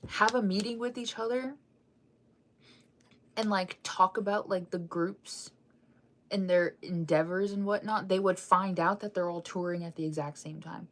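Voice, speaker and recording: A woman's voice: medium pitch, unhurried, a little hiss or hum. A young woman hosting a casual fan news chat, rambling with lots of fillers and restarts while she keeps yawning and sighing.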